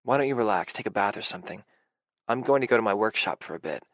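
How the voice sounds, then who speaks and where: A man voicing a gentle, steady adult man who soothes his partner in a soft, reassuring way. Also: fairly low pitch, quick pace, dry recording, studio quality. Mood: calm.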